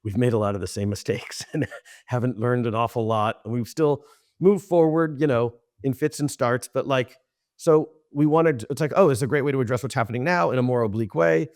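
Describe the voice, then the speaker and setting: Lively middle-aged man telling stories. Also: medium pitch, fairly quick, no echo, studio quality. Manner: animated, laughs often, many restarts and fillers. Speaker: TV director and writer, guest. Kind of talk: casual interview storytelling.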